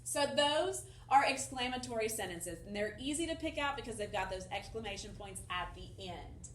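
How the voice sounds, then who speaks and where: A woman's voice: medium pitch, lively intonation, moderate pace, distant mic, a little hiss or hum. A woman teaching a fourth-grade grammar lesson to children, upbeat and encouraging, explaining step by step. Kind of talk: recorded remote lesson for children. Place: empty classroom. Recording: echoey room, voice off-mic.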